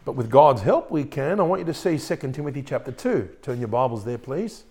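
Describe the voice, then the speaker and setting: A male pastor delivering a sermon in an animated preaching manner, reading scripture aloud. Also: medium pitch, fairly quick.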